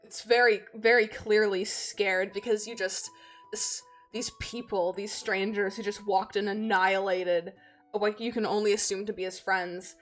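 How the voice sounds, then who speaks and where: A woman's voice: medium pitch, flat delivery, unhurried, soft background music. A woman narrating as game master of a tabletop game, rambling and full of fillers.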